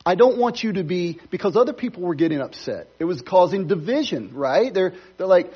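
Husky high-voiced preaching man. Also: animated, fairly quick, dull audio. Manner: conversational preaching with playful asides. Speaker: pastor. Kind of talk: sermon. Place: church sanctuary.

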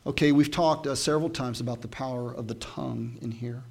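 A man's voice: medium pitch, steady tone, fairly quick, vocal fry, slightly rough. A man preaching a conversational sermon, moving between casual storytelling and emphatic scripture reading. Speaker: pastor.

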